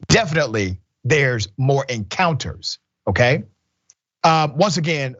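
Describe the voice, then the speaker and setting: A man's voice: medium pitch, animated, unhurried, a bit bright, dry recording, dull audio. A man hosting a news commentary show, stressing his points by repeating them.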